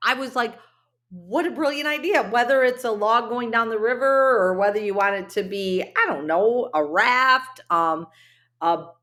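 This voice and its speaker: Her voice is a little high and a bit bright. Hosting a solo motivational podcast, the woman speaks in an earnest, heartfelt, chatty way packed with fillers, and at one point gets briefly emotional.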